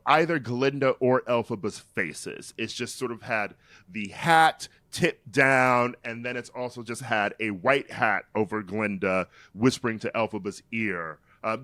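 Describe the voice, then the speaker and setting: A man co-hosting a podcast in casual pop-culture chat, telling the story with animated delivery and laughing easily. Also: medium pitch, dry recording. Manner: animated storytelling, reads quotes aloud with mock drama, laughs often. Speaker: podcast co-host.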